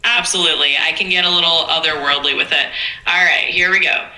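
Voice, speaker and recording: Bright upbeat AI assistant woman's voice. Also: sits low, fairly even intonation, quick pace, echoey room, poor audio. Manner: upbeat, smooth and agreeable. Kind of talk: chatbot replies.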